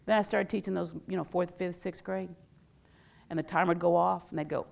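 A middle-aged woman and former teacher giving a lively workshop talk, quizzing the audience and leading call-and-response. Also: on the low side, brisk, vocal fry. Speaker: educator and workshop speaker.

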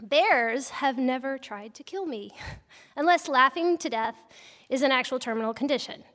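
A woman with a high, bright-pitched voice recounts her own misadventures with lively, self-deprecating humor. She speaks as a storyteller before a live audience. Her voice carries a long, lingering reverb from the hall. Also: moderate pace. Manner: humorous, self-mocking, animated. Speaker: storyteller, wildlife biologist.

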